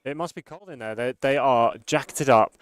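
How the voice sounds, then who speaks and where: Male play-by-play caller, mid-pitched, dry close sound, upbeat and explanatory. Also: normal speed, clear, resonant tone, no room sound. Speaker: play-by-play commentator. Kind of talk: live card game commentary.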